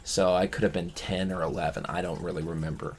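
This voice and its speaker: Low-voiced male vlogger, reflective confessional storytelling, loose and rambling. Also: fairly even intonation, brisk, slight background noise. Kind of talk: personal storytelling.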